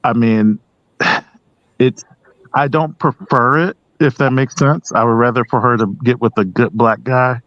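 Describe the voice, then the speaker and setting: A man speaking as a guest on a panel discussion, hesitant with many pauses and restarts. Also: mid-range voice, steady tone, fairly bright tone, dry recording, dull audio.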